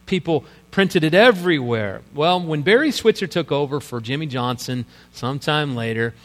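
A middle-aged male pastor preaches in a big, echoing sanctuary, his slightly high voice ringing off the walls over a faint electrical hum. He tells stories casually and laughs at his own jokes. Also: animated, normal speed. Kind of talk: sermon. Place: church sanctuary. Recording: live hall with long reverb and mains hum.

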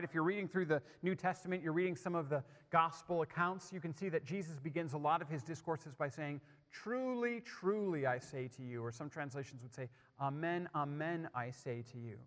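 A man's voice: fairly high pitch, fairly quick, hardly any pauses. Emphatic male preacher in a reverberant hall. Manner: emphatic, dropping to soft, hushed lines. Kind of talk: sermon.

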